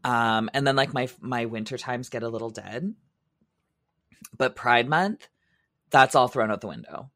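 A man with a sick, raspy voice chats casually as a podcast co-host. He sounds laid-back and trails off with fillers. The recording is dry and close. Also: mid-range voice, a little slow, sharp tone, dry recording. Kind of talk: casual chat.

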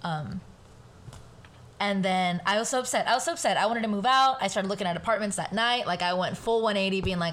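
A woman who speaks Spanish at home, a guest on a casual podcast, telling a family story in an animated way and swearing casually. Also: mid-range voice, brisk. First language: bilingual, speaks Spanish at home.

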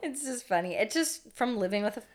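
A woman's voice: fairly high pitch, lively intonation, a little fast. A young woman co-hosting a podcast, chatting casually in a wry, matter-of-fact way. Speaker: podcast co-host. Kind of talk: casual chat.

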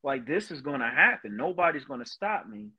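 A man speaks as a podcast guest, recounting his experiences with earnest emotion and frequent "you know" fillers. His voice sits at an ordinary middle pitch. The recording sounds a little dull and lo-fi. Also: very animated, brisk, husky. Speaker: guest, Marine veteran and motivational speaker. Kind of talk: personal storytelling in a podcast interview.

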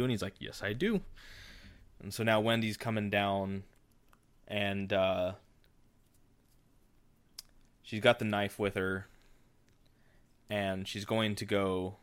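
A man's voice: on the low side, a bit bright, clean tone. A man hosting a podcast, casually retelling a story in a loose, rambling way. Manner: rambling, with frequent fillers and restarts. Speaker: podcast host.

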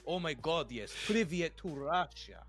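A man's voice: fairly high pitch, expressive, unhurried, a bit bright, faint music behind. A man putting on an exaggerated Russian accent, playing a crude, leering flirt.

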